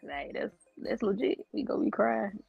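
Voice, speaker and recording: A woman co-hosting a podcast, chatting casually in an animated, emphatic way, laughing often. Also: medium pitch, moderate pace, creaky, breathy edge, no echo, highs cut off, faint music behind. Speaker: podcast co-host. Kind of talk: casual chat.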